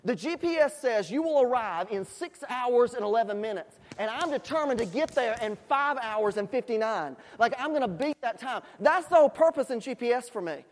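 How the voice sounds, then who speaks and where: A man's voice: very high voice, expressive, a little fast, few pauses. A man preaching a sermon, telling folksy stories with asides to the congregation. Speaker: pastor. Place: church sanctuary. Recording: long hall reverb in a church.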